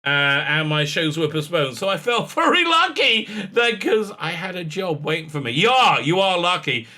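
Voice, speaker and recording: Bright-voiced man in mocking commentary. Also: a little high, very animated, normal speed. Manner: mocking, reads quotes aloud with frequent fillers and laughs. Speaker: commentary vlogger. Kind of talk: casual sarcastic commentary.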